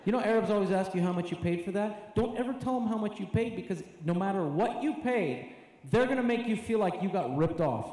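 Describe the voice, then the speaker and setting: A man doing a stand-up set, animated and shouting into character voices. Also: sits high, a little fast, slight background noise. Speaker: stand-up comedian. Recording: echoey hall from far off with crowd.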